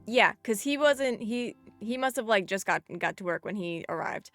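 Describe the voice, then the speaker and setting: A young woman streaming live, telling a story in an animated, chatty way with lots of "like". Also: mid-range voice, moderate pace, dry recording, soft background music.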